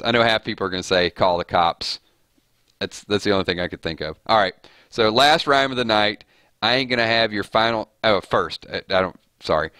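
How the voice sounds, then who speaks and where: Man, livestream host, bright forceful voice, dry close sound, playful chat reading. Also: fairly low pitch, moderate pace, clear, resonant tone, no echo. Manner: playful, reads chat rhymes aloud and judges them. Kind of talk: casual livestream chat reading viewer comments.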